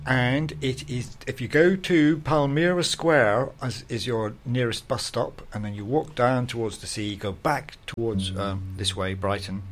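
A man's voice: medium pitch, a little slow, few pauses. A man hosting a casual interview, talking in a rambling, chatty way with lots of fillers. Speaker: radio host.

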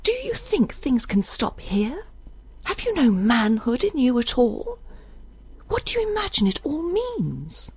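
A woman's voice: high-pitched, huge pitch swings, a little slow, darkish tone, breathy edge, dry recording, pitched above the performer's own voice, exaggerated voice. A woman voicing a cool, determined young woman who speaks dryly and intensely in an audiobook. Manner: dry, intense.

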